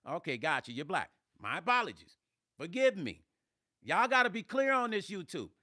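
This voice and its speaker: A man's voice: sits high, big pitch swings, moderate pace, bright, forceful tone, no echo, studio quality. A man who is a musician, chatting on a live stream, answering viewers' comments in a blunt, emphatic way. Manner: emphatic, blunt, swears when riled. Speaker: musician and vlogger.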